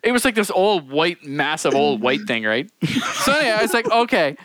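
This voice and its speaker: A man's voice: a little high, very animated, a little fast, very noisy. A man co-hosting a podcast, telling a funny story among friends, laughing and acting out the people he quotes. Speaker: podcast co-host.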